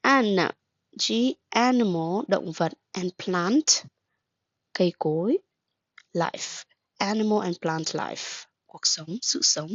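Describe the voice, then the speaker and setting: Her voice sits on the low side with lively intonation, and she takes things slowly; there's no room sound, but the highs are cut off. Teaching English with patience, she asks questions before praising, spells out words, and translates them into Vietnamese, her first language.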